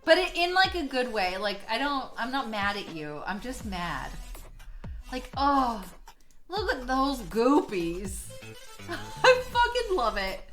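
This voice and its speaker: A young woman streaming while she draws, gushing excitably, swearing a lot, laughing often and trailing off mid-sentence. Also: fairly high pitch, takes it slowly, faint music behind. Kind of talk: casual live-stream chat while drawing.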